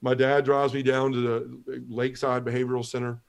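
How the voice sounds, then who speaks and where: At a moderate pace, a middle-aged man speaks in a medium-pitched voice that is creaky yet clear and resonant, with little pitch movement. As a talk show guest in a podcast interview, he tells his earnest personal testimony step by step, using Southern expressions and acting out others' quoted words.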